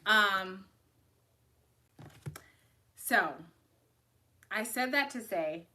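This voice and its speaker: A woman's voice: medium pitch, lively intonation, extremely slow, sharp tone. A young woman giving casual, emotional tarot readings to viewers on a live stream, chatting and laughing as she goes.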